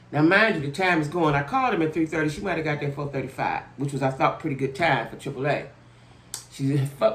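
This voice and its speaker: A woman host casually telling her viewers a long, exasperated story in a chatty, animated way. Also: low voice. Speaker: channel host. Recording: echoey room.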